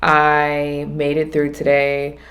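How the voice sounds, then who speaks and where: A woman vlogging alone, talking through her day in a rambling, reflective way, often restarting and slowing down on her main points. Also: deep voice, monotone, fairly bright tone. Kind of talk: casual reflective monologue.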